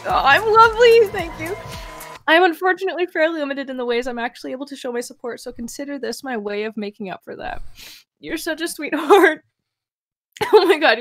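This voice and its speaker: A woman with a high voice chats on a gaming stream. She giggles often and teases the host playfully. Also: expressive, fast talker, fairly bright tone, faint music behind. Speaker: guest streamer. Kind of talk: casual gaming stream chat.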